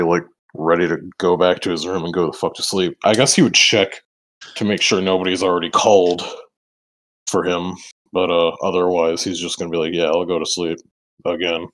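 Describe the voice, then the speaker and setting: A man's voice: sits low, low-quality recording. A man chatting as a tabletop game player, sarcastic and swearing heavily. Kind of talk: casual chat between players.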